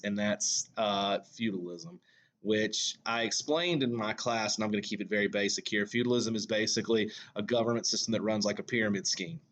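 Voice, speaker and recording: A male English teacher with a Southern US accent giving a recorded lecture. He talks in a conversational way, full of fillers and self-corrections. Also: on the low side. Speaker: high school English teacher.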